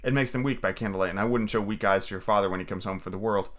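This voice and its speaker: A man's voice: lowish voice, very fast, fairly bright tone, voice pushed down, natural voice. A man doing a careworn Victorian mother. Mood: steady.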